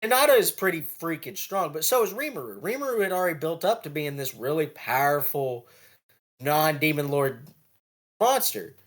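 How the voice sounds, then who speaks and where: A man co-hosting a casual anime podcast, talking in a loose, animated way and breaking into quick character impressions. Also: a little high. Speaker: podcast co-host.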